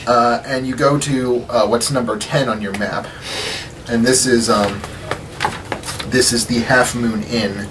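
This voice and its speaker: A man's voice: medium pitch, steady tone, unhurried. A man running a tabletop game as dungeon master, narrating loosely with many fillers. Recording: distant mic with background hiss.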